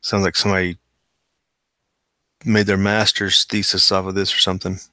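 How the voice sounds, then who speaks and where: A man's voice: low-pitched, monotone, moderate pace, sharp tone, no room sound. Dry, skeptical man reading the news. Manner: skeptical, wry asides between read quotes. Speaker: host reading and commenting on articles. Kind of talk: casual commentary while reading aloud.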